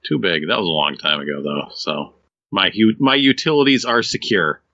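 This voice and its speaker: Man, podcast co-host, low bright-edged voice, dry teasing banter, dry lo-fi sound. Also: moderate pace, no echo. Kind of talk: casual chat.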